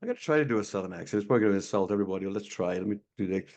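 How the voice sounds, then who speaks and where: A man's voice: lowish voice, animated, very fast, gravelly, darkish tone. A man hosting a sales webinar over a video call, telling stories in a loose, chatty way and often restarting his words. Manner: storytelling, repeats words when restarting. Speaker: webinar host, sales trainer. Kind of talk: casual webinar talk.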